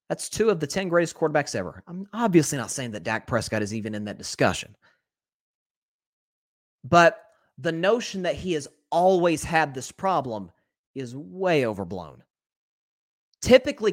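A man's voice: a little high, a bit bright. Emphatic man rattling off sports stats. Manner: rapid-fire stat listing, emphatic. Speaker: sports talk show host. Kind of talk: solo sports commentary.

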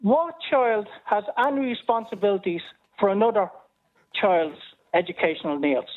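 A man's voice: sits high, moderate pace. Combative guy phoning into radio, blunt and dismissive, tinny phone sound. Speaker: caller.

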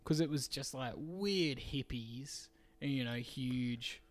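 A man's voice: medium pitch, takes it slowly. A man with an Australian accent, a podcast host chatting casually, laughing often and swearing. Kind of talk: casual chat.

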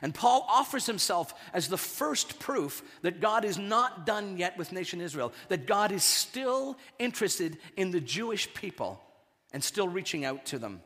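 A man preaching a sermon, animated and repeating words as he builds his points. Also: high voice, a little slow, in a large hall. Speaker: pastor.

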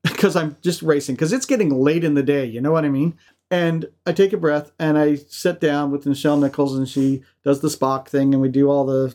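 Animated, laughing male podcast host. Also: a little high. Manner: animated storyteller, laughs often, restarts. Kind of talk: casual chat.

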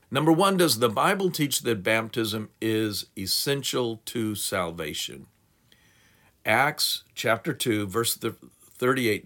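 With a fairly low, fairly bright voice, a man teaches from the Bible in a methodical sermon. He moves through numbered points and reads passages of scripture aloud.

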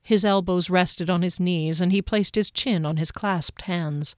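A woman reading a fantasy novel aloud in measured scripted narration, lightly voicing the characters. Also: on the low side, dry recording, clean studio sound. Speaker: audiobook narrator.

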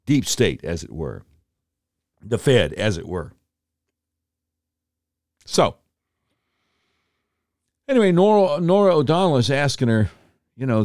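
Sarcastic male commentary host, lively pitch. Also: takes it slowly, long pauses, no echo, studio quality. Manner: sarcastic, mocking. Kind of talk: opinionated talk-radio monologue.

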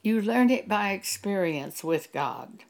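A woman preaching a sermon in a slow, measured teaching manner. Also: mid-range voice, animated, vocal fry. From Texas.

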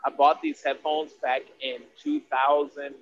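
A man's voice: mid-range voice, little pitch movement, normal speed, lo-fi sound, a little hiss or hum. A man co-hosting a casual truck podcast, enthusiastic and easygoing, throwing in bro often. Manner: enthusiastic, says bro a lot. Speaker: podcast co-host. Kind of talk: casual chat.

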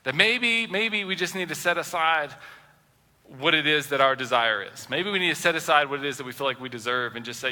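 A man preaching a sermon as pastor, animated and acting out the voices of the people he quotes. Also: a little high, a little fast, big-room sound.

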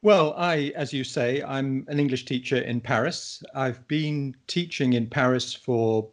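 A man of middle pitch speaking slowly and deliberately as a podcast guest. He lays out ideas in a thoughtful, measured way, like a teacher explaining to a class. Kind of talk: casual conversational podcast.

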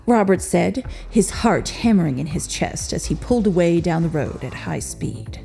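Gravelly, expressive woman storyteller. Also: fairly low pitch, normal speed, few pauses, faint music behind. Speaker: narrator. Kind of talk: scripted narration.

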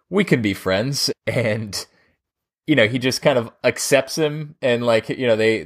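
A man co-hosting a casual film chat, laughing often and hesitating with ums. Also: lowish voice. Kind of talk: casual chat about films.

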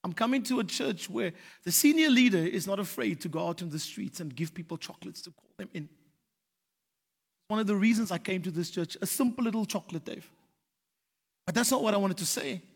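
Male preacher, high and bright, animated storyteller, reverberant hall. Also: brisk, vocal fry, husky. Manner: storytelling, animated, rising to shouted exhortation. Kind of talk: sermon.

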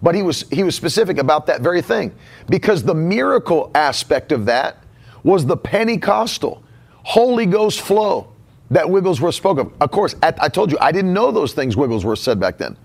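Emphatic pastor preaching. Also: male voice, on the high side, sing-song, normal speed, gravelly. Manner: emphatic, repeats key phrases. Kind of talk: sermon.

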